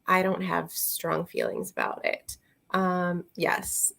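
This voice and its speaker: Woman booktuber, slow rambling chat, loose and unscripted, filler-heavy. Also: fairly low pitch, level tone, creaky, a bit bright. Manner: rambling, chatty, full of fillers and asides; talks to her viewers and a friend directly. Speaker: book reviewer. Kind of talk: casual book review chat.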